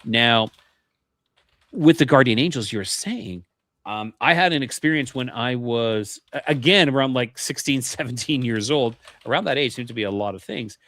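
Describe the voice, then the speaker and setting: A man's voice: medium pitch, moderate pace, fairly bright tone, dry recording. A man guesting on a paranormal interview show, telling his experiences earnestly and often restarting his sentences. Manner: earnest, repeats words when starting sentences. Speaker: podcast guest.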